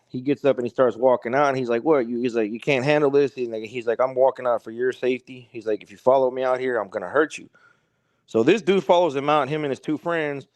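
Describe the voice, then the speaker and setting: A man with a mid-range, slightly mellow voice, recorded with no room sound, is a podcast guest telling a long, rambling story. He strings it together with "he's like" and "he goes," in a casual storytelling style.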